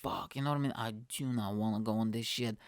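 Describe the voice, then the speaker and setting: A man's voice: lowish voice, steady tone, fast, clear, resonant tone, dry recording, clean studio sound. A male comedian hosting his own podcast, telling a rambling, profane, self-mocking story in a casual monologue.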